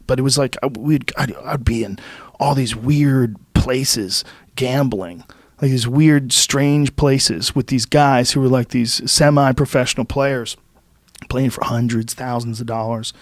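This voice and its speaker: A man in his fifties from the Boston area, hosting a podcast and telling casual stories in a lively, profane way. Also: mid-range voice, a little slow, no room sound, studio quality. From Boston area, USA. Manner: profane, animated storytelling with rising excitement. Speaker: podcast host. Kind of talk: casual storytelling chat. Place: podcast studio.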